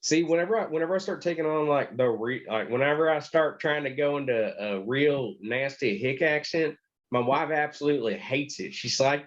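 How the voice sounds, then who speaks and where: A man's voice: on the high side, normal speed, highs cut off. A man with a Texan accent, co-hosting a podcast, telling rambling joking stories in casual chat. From Texas. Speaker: podcast co-host.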